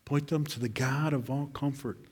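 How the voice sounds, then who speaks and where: A man preaching a sermon as pastor, emphatic and repetitive, swinging from loud declarations to hushed lines. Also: mid-range voice, fairly even intonation, moderate pace, slightly rough.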